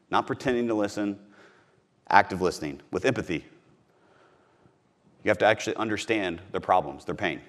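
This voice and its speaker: Low-pitched yet a bit bright, this middle-aged Missourian hosts a sales-teaching podcast. He gives an emphatic, punchy motivational talk, hammering his main phrases through repetition.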